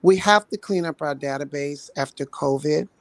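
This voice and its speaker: A woman's voice: deep voice, normal speed, no echo. Earnest woman nurse on a dry call. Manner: earnest, storytelling, voices quoted people. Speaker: health outreach nurse. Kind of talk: guest on a talk show. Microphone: video call.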